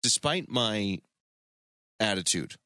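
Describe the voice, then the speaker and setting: Sarcastic man with a lively low voice. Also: slow pace, no room sound, studio quality. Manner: sarcastic, wry. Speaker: podcast co-host. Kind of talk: casual chat.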